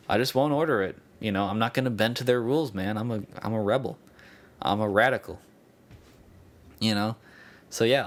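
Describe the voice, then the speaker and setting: A man's voice: fairly low pitch, a bit bright. A young man hosting his own podcast, rambling in a casual, profane and self-mocking way. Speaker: podcast host.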